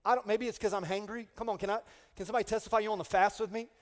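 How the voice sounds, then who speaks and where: High-voiced pastor preaching in a reverberant hall. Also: male voice, rapid-fire. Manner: animated, comic, with rising call-outs to the congregation. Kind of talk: humorous sermon storytelling. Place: church sanctuary. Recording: long reverb of a large hall.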